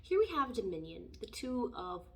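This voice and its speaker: A woman's voice: mid-range voice, very animated, moderate pace, fairly bright tone, recorded from a distance. A woman giving a casual tarot reading in a rambling, conversational way, full of fillers. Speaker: tarot reader.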